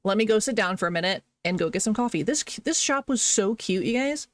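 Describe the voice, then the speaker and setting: A woman's voice: medium pitch, expressive, a little fast, no echo. Gal streaming and just yapping about her weekend, rambly and gushy, dead dry mic, no room at all. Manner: chatty and rambling, gushing over small pleasures. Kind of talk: casual chat on a live stream.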